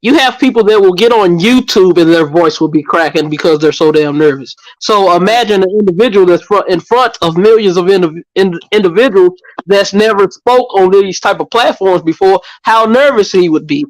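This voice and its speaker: A man's voice: sits high, normal speed, hardly any pauses, dry recording, low-quality recording. A man in a barbershop talk, arguing earnestly and insisting on his point, repeating himself when challenged. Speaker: barbershop panelist. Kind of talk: casual debate.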